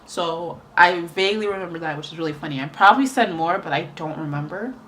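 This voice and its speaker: A woman's voice: fairly low pitch, fast talker, fairly bright tone, slight background noise. A young woman telling a rambling story in casual chat while doing her makeup, with lots of fillers. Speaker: beauty vlogger.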